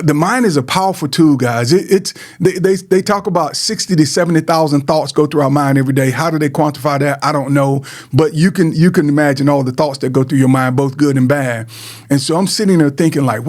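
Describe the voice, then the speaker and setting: A man's voice: fairly high pitch, darkish tone. A middle-aged man from Georgia telling a personal story in an earnest, repetitive way, often calling to his listeners. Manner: earnest, repeats words, addresses listeners as man and guys. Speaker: host sharing personal story. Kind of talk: emotional personal testimony.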